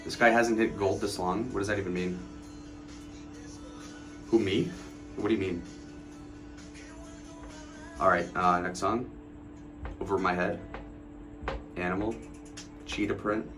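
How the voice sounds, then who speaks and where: A man in his twenties chats on a late-night livestream, rambling, swearing and mocking people in his storytelling while reading and answering chat messages aloud. His voice is low-pitched with fairly even intonation, unhurried with frequent pauses, and music plays in the background.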